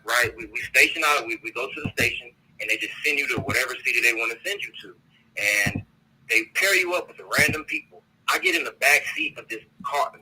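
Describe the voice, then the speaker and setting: A man's voice: medium pitch, pushed and bright, husky, rough recording. A man calling in to a talk show, ranting bluntly and with profanity, often repeating words as he searches for them. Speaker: caller. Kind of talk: heated call-in rant.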